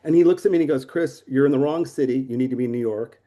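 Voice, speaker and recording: A man in his sixties telling stories of his career as a photographer in a casual interview, lively, swearing, acting out the people he quotes. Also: mid-range voice, racing. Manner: animated, swearing storyteller who acts out quotes. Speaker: photographer guest.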